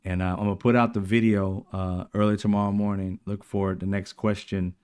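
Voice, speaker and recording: A man hosting his own political livestream, speaking in a fairly low voice. He rants emphatically in a casual tone. He slips into mocking put-on voices when quoting the people he criticizes. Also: little pitch movement, brisk, a little mellow, smooth. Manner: fired-up, emphatic, mocking impressions of opponents. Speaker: political commentary show host.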